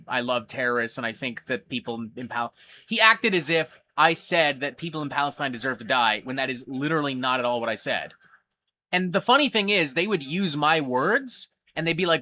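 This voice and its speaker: A man's voice: mid-range voice, normal speed, sharp tone. A man hosting a casual livestream, ranting animatedly with lots of swearing. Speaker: livestream host.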